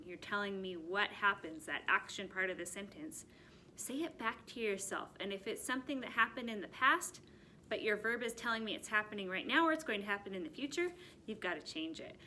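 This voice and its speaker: A woman teaching a first grade lesson, speaking slowly and clearly in an encouraging teacher's manner. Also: fairly high pitch, animated, sharp tone, a little hiss or hum. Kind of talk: recorded classroom lesson.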